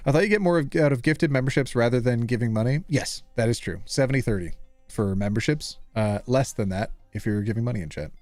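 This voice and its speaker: A man's voice: medium pitch, quick pace, no echo, studio quality, faint music behind. A man streaming live, chatting casually with his audience in a playful, teasing way. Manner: playful, animated, teasing, reading chat aloud.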